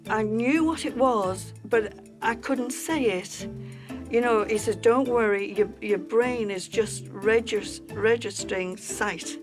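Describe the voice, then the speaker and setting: A woman, a former eye patient, tells the story of getting her sight back in a lively, animated way. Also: a little high, takes it slowly, over music. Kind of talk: documentary storytelling.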